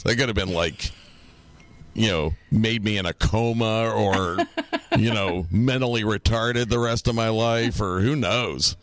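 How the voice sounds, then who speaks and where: A man's voice: on the low side, a little slow, a bit bright, a little hiss or hum. A middle-aged man co-hosting a podcast, telling rambling, profane stories and laughing through them. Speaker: podcast co-host. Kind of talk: casual storytelling chat.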